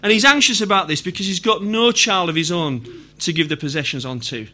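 A man's voice: sits high, brisk, bright, forceful tone. A middle-aged man with a Yorkshire accent preaching a sermon in a conversational way, putting questions to the congregation. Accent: Yorkshire English. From Yorkshire, England.

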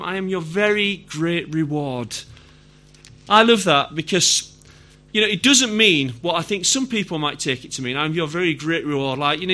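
A man's voice: sits high, pushed and bright. A middle-aged man with a Yorkshire accent preaching a sermon in a conversational way, putting questions to the congregation. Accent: Yorkshire English. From Yorkshire, England.

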